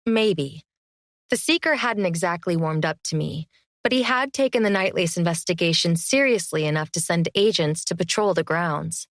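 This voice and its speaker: A woman narrating a first-person fantasy audiobook in an even, measured storytelling manner. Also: fairly low pitch, dry recording, clean studio sound.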